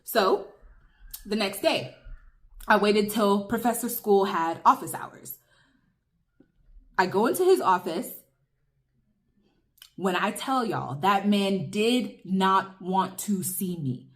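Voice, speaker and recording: A woman's voice: medium pitch, animated, slow pace, long pauses. A young woman telling viewers an emphatic, chatty story over a meal in a casual vlog. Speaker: vlogger. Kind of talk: casual storytime while eating.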